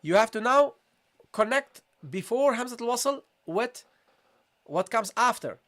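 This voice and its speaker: A man teaching a live online recitation lesson, patiently repeating questions to viewers and modelling sounds slowly. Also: very high-pitched, expressive, a bit bright.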